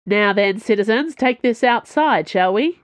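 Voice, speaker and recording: A woman's voice: a little high, lively intonation, unhurried, no echo, clean studio sound, voice pushed up. A woman voicing a burly male bartender who breaks up a fight in a hearty, bossy way. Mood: brisk. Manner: hearty, bossy, then hushed.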